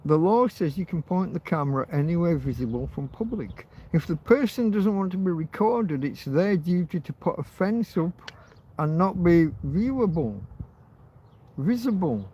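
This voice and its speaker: A man's voice: high voice, big pitch swings, normal speed, breathy edge, highs cut off. A man hosting an informal livestream, ranting heatedly and swearing, with phrases repeated for emphasis. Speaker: livestream host.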